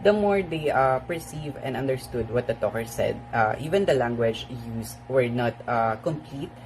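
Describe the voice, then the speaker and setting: A student giving a class presentation, halting and full of "uh" fillers. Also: medium pitch, lively intonation, darkish tone, a little hiss or hum, low-quality recording.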